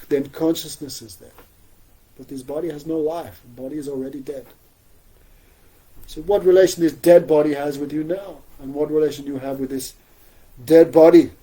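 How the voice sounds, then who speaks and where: A man's voice: fairly high pitch, dark tone, breathy edge, rough recording. A man giving a spiritual scripture class, telling stories with frequent chuckles and rhetorical questions. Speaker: spiritual teacher.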